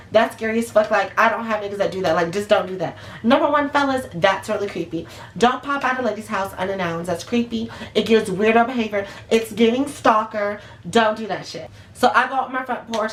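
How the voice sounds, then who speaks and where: A woman's voice: medium pitch, a bit bright, slight background noise. A woman telling a storytime vlog in a blunt, profane and emphatic way. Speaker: vlogger. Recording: roomy echo.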